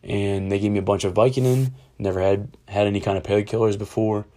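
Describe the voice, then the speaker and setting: A young man with a low, fairly monotone voice recounts a personal story in a loose, rambling way. He speaks candidly and swears freely as he goes. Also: fairly quick. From Ohio, USA.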